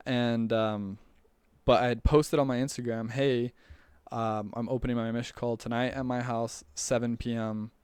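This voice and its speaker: A young man tells a personal story in a loose, rambling way, full of fillers and restarts. His voice sits at a middle pitch and comes through smooth and clear. The sound is dry and close. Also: darkish tone, dry recording. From United States. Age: young adult. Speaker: returned missionary telling his story.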